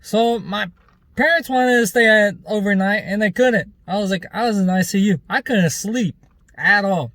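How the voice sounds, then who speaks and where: A man's voice: high-pitched, normal speed, a bit bright, dry recording. A man vlogger telling a rambling, loose story in casual chat, with plenty of fillers and some swearing.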